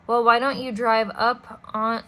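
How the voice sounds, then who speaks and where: A woman voicing a scheming male villain who fakes grief, speaking in a high, fluttery, falsely polite voice. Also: level tone, unhurried, pushed and bright. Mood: sly.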